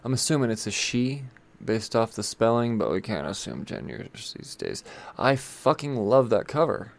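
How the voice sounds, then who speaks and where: A man's voice: medium pitch, expressive, normal speed, creaky. A man hosting a casual, rambling commentary on new comics, chatty and irreverent, with swearing and asides. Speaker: comic book video host.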